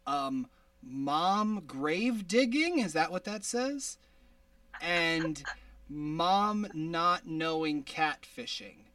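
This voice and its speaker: A man's voice: on the high side, expressive, pushed and bright, no room sound, recorded from a distance. A man hosting a podcast over a video call, rambling casually and laughing at himself. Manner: rambling, self-deprecating, quick to laugh. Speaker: podcast host.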